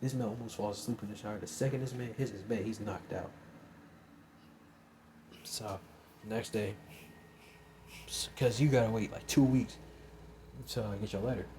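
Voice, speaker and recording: A man's voice: on the low side, normal speed, long pauses, dark tone, a little hiss or hum. A young man casually improvising a fan story, rambling with lots of fillers. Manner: rambling, filler-heavy, says "you know what I'm saying" often.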